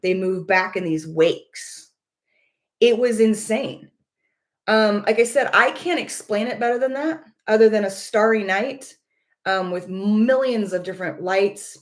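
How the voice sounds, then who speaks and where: At a measured pace and medium pitch, a woman vlogger casually describes a personal experience to her audience. She comes across as earnest, pausing to find words and repeating phrases as she talks.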